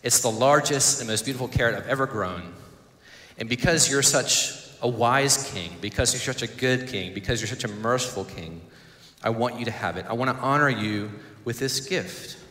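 A man's voice: mid-range voice, normal speed, bright, forceful tone, lightly acted. A man doing a fawning humble gardener. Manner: eager, fawning praise. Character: flattering humble male gardener. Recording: echoey church hall.

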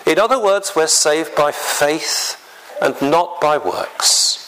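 A man preaching a sermon in a slow, deliberate way, often clearing his throat. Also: a little high, big pitch swings, pushed and bright, slight background noise, low-quality recording.

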